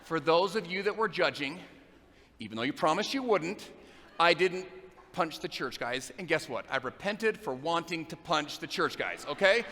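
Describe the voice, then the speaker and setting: A man giving a motivational talk, telling a story and asking the audience questions in an animated way. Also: on the high side, normal speed. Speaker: motivational speaker. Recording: long reverb of a big hall, faint noise.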